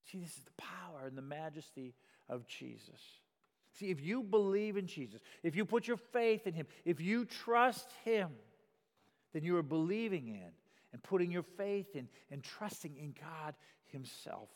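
A man's voice: a little high, animated, moderate pace. Earnest preacher man in a reverberant hall. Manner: earnest, repeats words when starting, rises in volume for emphasis. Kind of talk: sermon.

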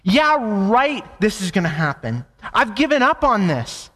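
A man's voice: high-pitched, very animated, a little slow, a bit bright, in a large hall, voice pushed up, full character voice. A man voicing a bitter, sarcastic ninety-year-old woman, scoffing and exasperated.

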